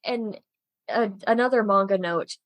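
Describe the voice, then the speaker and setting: Woman, mid pitch, podcast co-host, wry dry asides, casual chat, dry close recording. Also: a little slow, no echo. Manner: wry, dry asides, adds manga comparisons. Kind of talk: casual anime recap chat.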